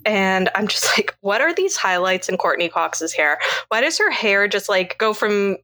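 A woman from Canada co-hosts a casual film podcast, laughing often as she walks through scenes from her notes. Her voice is bright and forward. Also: medium pitch, animated, moderate pace. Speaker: podcast co-host. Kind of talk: casual movie recap chat.

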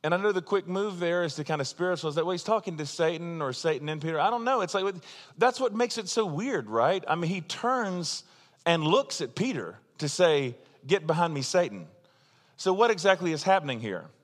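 Guy preaching, kinda high voice, chatty and emphatic, laughs at himself, big echoey church. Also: animated, brisk. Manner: conversational, self-deprecating, emphatic. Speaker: pastor. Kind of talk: sermon.

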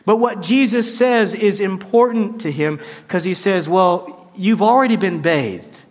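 High-voiced pastor preaching in a hall. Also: male voice, measured pace. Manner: conversational, acts out quotes with shifting pitch. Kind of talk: sermon.

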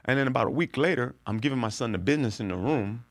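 A middle-aged man, a comedian, telling stories in a casual chat, profane and animated, his voice jumping high when he gets excited. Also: fast talker, dry recording. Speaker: stand-up comedian guest. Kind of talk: storytelling in casual podcast chat.

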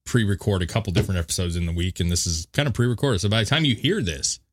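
A man's voice: low voice, rapid-fire. A man co-hosting a podcast in casual banter, joking and swearing freely. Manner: joking, profane, rambling. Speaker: podcast co-host.

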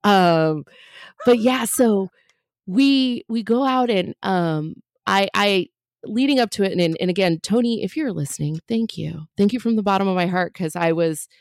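A woman's voice: mid-range voice, normal speed, darkish tone, no room sound, studio quality. A woman comedian in her thirties telling a story as a podcast guest, chatty and full of fillers and jokey asides.

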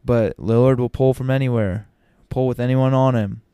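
Man, mellow smooth voice, casual opinionated talk, ums and restarts, dry close sound. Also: medium pitch, steady tone, normal speed, no room sound. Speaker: sports commentator.

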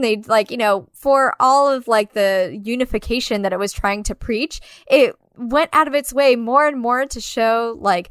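A young woman in a casual film review chat, her voice smooth, clean and fairly high. She talks in a sarcastic, profane way, filling her sentences with "like". The sound is close and dry, with no room around it. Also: a bit bright, no echo. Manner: profane, sarcastic, many filler "like"s.

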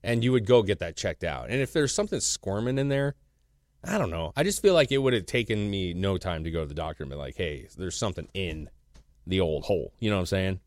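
A man's voice: fairly low pitch, sing-song, fast, no echo, studio quality. A middle-aged man co-hosting a podcast in casual chat, crude and chatty, often saying "bro" and "you know what I'm saying.". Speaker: podcast co-host.

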